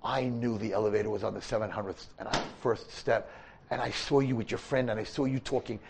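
A man's voice: on the low side, fairly even intonation, a little fast, vocal fry, background noise. A man voicing a grateful young princess. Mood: earnest.

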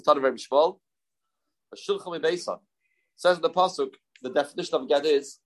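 A man's voice: medium pitch, husky, rough recording. A man teaching a daily Talmud class, mixing English with Hebrew and Aramaic terms and asking rhetorical questions.

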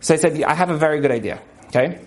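Male religious teacher, high voice, emphatic delivery that hammers key points home. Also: very fast. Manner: emphatic, repeats key points, acts out quotes. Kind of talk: motivational religious talk.

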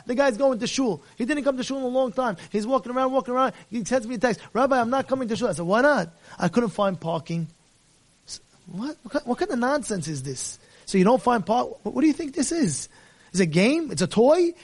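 Male rabbi, very high voice, dramatic sermon delivery, acts out dialogue, mixes in Hebrew and Yiddish terms. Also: very animated, fairly quick. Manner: dramatic storytelling, acts out dialogue, rhetorical questions. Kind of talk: animated sermon.

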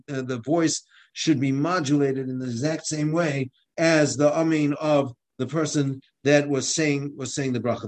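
A man's voice: mid-range voice, darkish tone. A man teaching a halacha class, explaining step by step with frequent restarts and fillers, and sounding out words to show their pronunciation. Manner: halting, with many restarts and fillers. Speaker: Torah teacher.

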